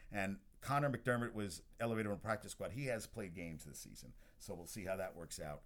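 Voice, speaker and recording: A man's voice: low-pitched, fairly quick. A man hosting a sports podcast, chatting casually about games as he watches one, rambling with restarts and asides. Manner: chatty and excitable about scores. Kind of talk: casual sports talk while watching a game.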